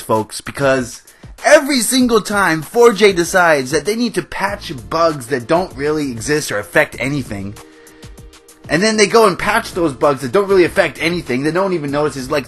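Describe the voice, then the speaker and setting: A man's voice: a little high, fairly bright tone. A man hosting a gaming channel, ranting in casual game commentary and getting worked up, with fillers and nervous laughs.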